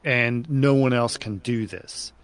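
Rambling, animated man in casual chat. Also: medium pitch, slow pace. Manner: rambling, self-correcting, animated storytelling. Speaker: podcast co-host.

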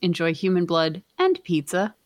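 An American woman co-hosts a casual comedy podcast with a teasing, sarcastic edge and plenty of swearing. Her voice sits a bit low for a woman. The recording is dry and close. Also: very animated, moderate pace, no room sound. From United States. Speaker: podcast co-host.

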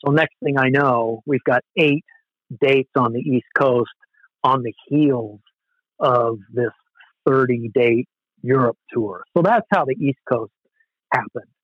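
A man's voice: mid-range voice, slow, dry recording, dull audio. A man, a former hardcore band musician, telling rambling, self-deprecating stories in a casual interview, with many "you know"s.

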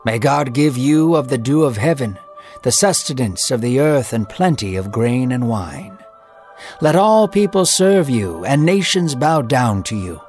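A man's voice: mid-range voice, very animated, unhurried, a little mellow, soft background music. A man voicing an old blind father who solemnly declaims blessings.

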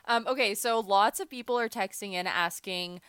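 A woman's voice: medium pitch, moderate pace, a bit bright, clean tone, no room sound. A woman on a radio show who reads out listener questions, with some hesitant fillers. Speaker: producer reading listener questions. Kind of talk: casual radio chat.

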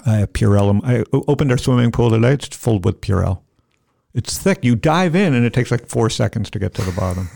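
Rambling joking podcast host, gravelly voice. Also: male voice, medium pitch, expressive, fairly quick, darkish tone. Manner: rambling, self-mocking, jumps off topic. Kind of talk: casual joking chat.

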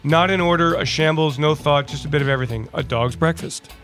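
A man's voice: a little high, a little fast, a bit bright, soft background music. A man hosting a sports podcast, upbeat and quizzing his guest. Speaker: podcast host.

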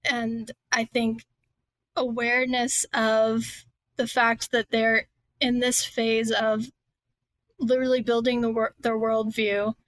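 A woman's voice: on the high side, fairly bright tone, no echo. A woman talking as a guest author on a podcast, chatty and loose, with frequent fillers and restarts. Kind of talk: casual podcast conversation.

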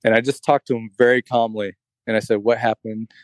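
A man chats casually and rambles through a story, leaning on "like" and "you know" as he goes. His voice sits at a middling pitch. The sound is dry and close. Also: flat delivery, brisk, dry recording. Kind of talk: casual chat.

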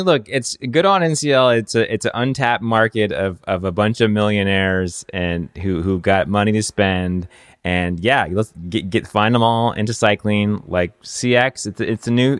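A man co-hosting a casual podcast chat, rambling in quick bursts and often trailing off mid-thought. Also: lowish voice, smooth, dry recording, studio quality. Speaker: podcast co-host.

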